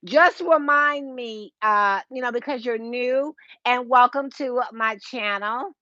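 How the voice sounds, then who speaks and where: Slow, chatty woman hosting a live stream. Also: fairly high pitch, sharp tone, dry recording, dull audio. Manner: chatty, greets viewers by name, laughs often. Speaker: home decor livestream host. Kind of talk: casual livestream chat. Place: at home. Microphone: Bluetooth earpiece.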